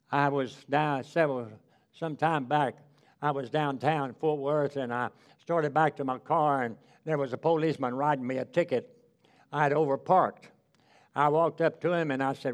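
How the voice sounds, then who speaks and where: A man's voice: fairly high pitch, steady tone, moderate pace. A male preacher giving a fervent sermon with personal stories, calling out hallelujah and drawing out key words.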